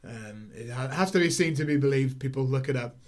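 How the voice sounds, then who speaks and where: A man with a medium-pitched voice talks fairly quickly as a podcast co-host in a casual film review chat. He rambles, leans on lots of fillers, and acts out lines from the movie in silly voices.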